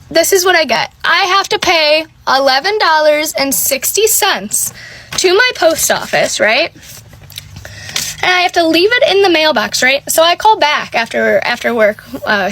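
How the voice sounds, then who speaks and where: A young woman telling a story in a casual, exasperated rant, filled with "like"s. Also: high-pitched. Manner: exasperated, animated retelling with many "like"s. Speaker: vlogger.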